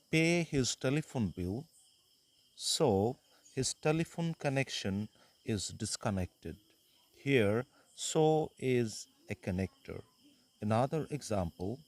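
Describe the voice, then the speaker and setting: A man teaching an English grammar lesson, reading out connectors and example sentences in a slow, deliberate way. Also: mid-range voice, darkish tone, no echo.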